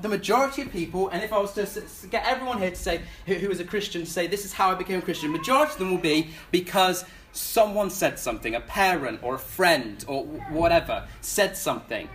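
Preaching with earnest pleading at a church gathering, a young man frequently restarts what he's saying. His higher voice shifts from intense outbursts to quieter, slower passages, with slight background noise present.

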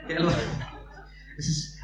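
A man voicing a sly devil who taunts a believer in a lowered, sneering voice. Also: moderate pace, lightly acted. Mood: mocking. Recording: echoey room, distant mic, faint hum.

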